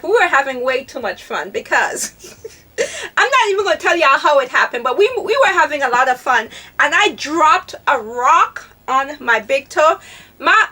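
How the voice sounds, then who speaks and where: A chatty older woman talks to her viewers in a high, bright voice. She laughs a lot and mutters to herself. Her voice sits a little back from the mic. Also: far from the mic. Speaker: travel vlogger. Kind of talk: casual chat to camera.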